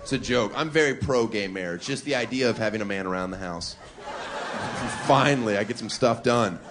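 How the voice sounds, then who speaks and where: A man's voice: lowish voice, moderate pace. A male stand-up comedian doing a brash, provocative routine with wry asides on a club stage, into a handheld mic. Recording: live club audience with noisy room.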